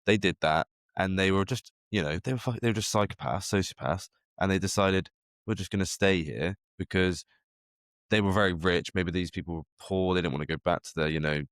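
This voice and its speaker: Deep-voiced man chatting casually. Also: brisk, fairly bright tone, clear, resonant tone, no echo, studio quality. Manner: rambling, speculative, full of restarts. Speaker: podcast co-host. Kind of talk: casual chat.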